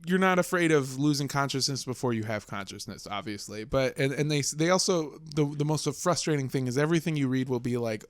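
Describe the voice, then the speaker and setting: Man, podcast guest, earnest rambler, average pitch. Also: brisk, hardly any pauses, dry recording, clean studio sound. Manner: earnest, rambling, swears freely. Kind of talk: casual podcast chat.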